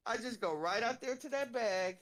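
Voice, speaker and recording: A woman co-hosting a casual chat, telling animated, profane stories and laughing through them. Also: fairly high pitch, normal speed.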